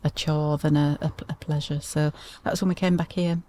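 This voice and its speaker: A woman's voice: low-pitched, little pitch movement, normal speed, dark tone. A middle-aged woman chatting as a podcast guest, telling stories with frequent restarts and laughing often. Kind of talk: casual interview chat.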